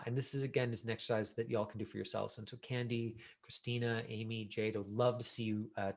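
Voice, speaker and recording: A middle-aged man teaching an online acting class over a video call, talking casually with lots of fillers and lively examples. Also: medium pitch. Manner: casual, animated, many fillers.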